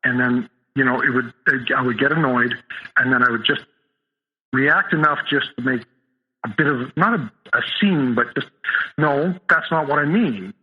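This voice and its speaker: Middle-aged male guest recounting his past, halting with constant restarts, heard over a tinny phone line. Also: medium pitch. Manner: halting, full of restarts and fillers. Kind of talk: telling a personal story in an interview.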